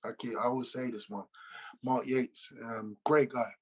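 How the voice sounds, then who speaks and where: Ex-footballer guest, male, slangy and animated, husky voice on lo-fi video call audio. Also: medium pitch, normal speed. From England. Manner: animated, loose slangy storytelling with repeats. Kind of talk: casual interview storytelling.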